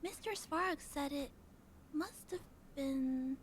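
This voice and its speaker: A woman voicing a sweet, shy young girl in video game dialogue, soft and earnest with small hesitations. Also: high voice, takes it slowly, slight background noise.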